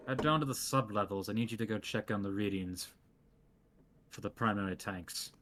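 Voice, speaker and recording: Guy doing a cold bossy mad scientist, curt orders, low voice. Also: normal speed, fairly bright tone, slight background noise, lightly acted. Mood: commanding. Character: stern commanding male mad-scientist boss.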